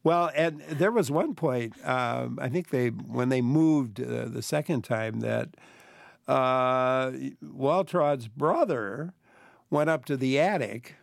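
A man's voice: mid-range voice, slow pace, gravelly, no echo, studio quality. A man hosting a radio call-in show, reading listener emails in a conversational way. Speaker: radio host. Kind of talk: radio interview.

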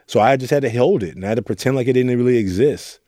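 A man's voice: medium pitch, quick pace, mellow, no echo, studio quality. A young man from Oakland, a youth mentor, speaking candidly and reflectively in an interview. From Oakland, California. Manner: earnest, reflective storytelling with quoted asides.

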